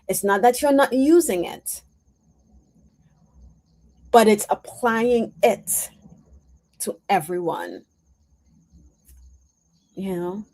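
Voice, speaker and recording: A woman working as an intuitive medium, sharing spiritual messages in a reflective, earnest way. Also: medium pitch.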